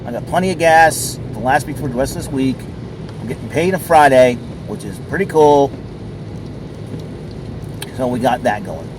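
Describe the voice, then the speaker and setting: A man's voice: medium pitch, lively intonation, moderate pace, pauses often, background noise. A man chatting casually while sitting in his car at a mall, rambling along with lots of fillers. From southern New England. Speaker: vlogger. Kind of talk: casual chat.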